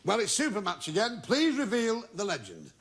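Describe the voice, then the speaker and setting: A man hosting a TV game show with wisecracking jokes and drawn-out asides to the audience. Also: sits high, huge pitch swings. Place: TV studio with a live audience. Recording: loud studio audience and noise from an old TV broadcast.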